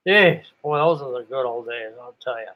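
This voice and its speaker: A man's voice: mid-range voice, animated, moderate pace. An older man from New England reminiscing about radio operators, meandering and stopping to search aloud for names. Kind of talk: rambling reminiscence. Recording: muffled lo-fi recording.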